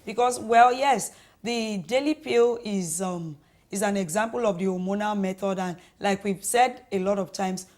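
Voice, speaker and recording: Calm Nigerian woman doctor advising. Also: mid-range voice, moderate pace. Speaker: doctor, guest expert. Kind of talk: radio call-in advice.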